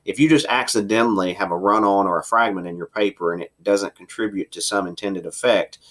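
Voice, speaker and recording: Deep-voiced male teacher walking students through an essay assignment, steady explanatory delivery. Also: brisk. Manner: explanatory, varies pace for emphasis, occasional fillers. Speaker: writing teacher. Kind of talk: recorded lecture to students.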